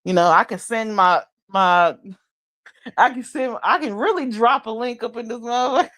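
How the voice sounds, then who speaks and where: A woman's voice: on the high side, moderate pace, a bit bright. A woman, hosting a late-night livestream chat in a sassy, blunt and playful way. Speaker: livestream host.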